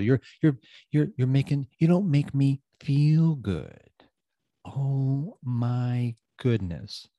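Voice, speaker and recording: A man's voice: medium pitch, dark tone, no echo, clean studio sound. A middle-aged man hosting a motivational coaching podcast, emphatic and casual, often repeating phrases for effect. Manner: casual, loose grammar.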